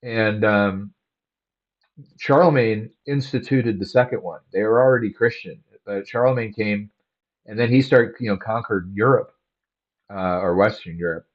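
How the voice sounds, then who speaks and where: A man hosting a solo podcast, talking casually with many pauses and fillers. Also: on the low side. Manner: slow, halting, many fillers. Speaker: podcast host. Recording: dull lo-fi audio.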